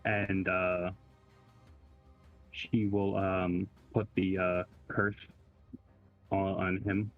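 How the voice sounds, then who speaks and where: A man playing a tabletop game, talking in a halting way and repeating words as he describes his character's moves. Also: sits low, level tone. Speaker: player. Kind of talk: casual tabletop game chat. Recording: muffled phone-like line with faint music.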